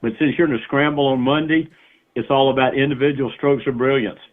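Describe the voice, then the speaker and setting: A man calmly giving golf advice as a guest on a radio talk show. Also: medium pitch, brisk. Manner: calm, advising with filler restarts. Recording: tinny phone line.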